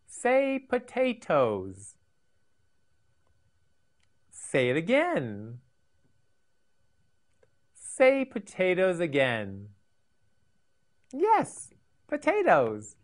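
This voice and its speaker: A woman's voice: low-pitched, wildly swooping pitch. A woman teaching English words to children in a scripted lesson, repeating each word and asking the listener to say it again. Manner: slow, sing-song, repeats words for learners.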